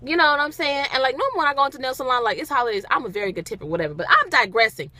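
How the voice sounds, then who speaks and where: A woman's voice: high voice, lively intonation, very fast, pushed and bright. A young woman vlogging casually to a handheld phone camera, telling a story with dramatic, emphatic repetition.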